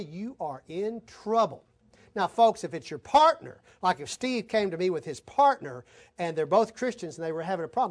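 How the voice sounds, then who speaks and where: A man preaching a conversational sermon to his congregation, telling stories and talking straight to the folks in the room. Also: high-pitched. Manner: conversational preaching, addresses folks directly, tells anecdotes. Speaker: pastor.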